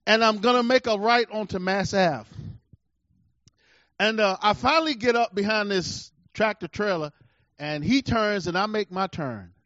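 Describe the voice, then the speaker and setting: Emphatic preacher man, high voice, lo-fi. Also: measured pace, no room sound. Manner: emphatic, swings between loud bursts and low asides. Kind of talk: sermon with personal storytelling. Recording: dull lo-fi recording.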